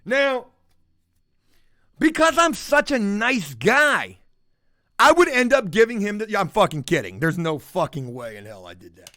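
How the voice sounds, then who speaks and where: A man's voice: high-pitched, big pitch swings, measured pace, bright, forceful tone, dry recording, studio quality. A man telling a story to camera as a profane, mocking rant. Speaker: vlogger.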